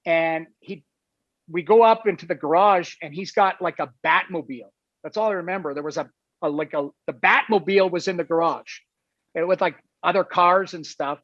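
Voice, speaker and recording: A man's voice: high voice, moderate pace, a bit bright, no room sound. A man, a guest on a talk show, tells a casual anecdote in a rambling way, full of "like" and "you know". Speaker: guest telling a story. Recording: dull, lo-fi, dry sound.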